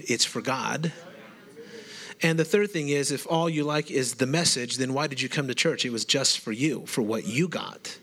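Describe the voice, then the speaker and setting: A man's voice: medium pitch, a bit bright. A male pastor giving a sermon who speaks emphatically and builds his points one after another.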